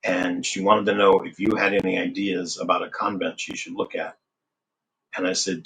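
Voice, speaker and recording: A man's voice: sits low, level tone, moderate pace, creaky, a bit bright, low-quality recording. A man being interviewed, telling a personal story in a casual, conversational way and acting out the remembered dialogue. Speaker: interview guest.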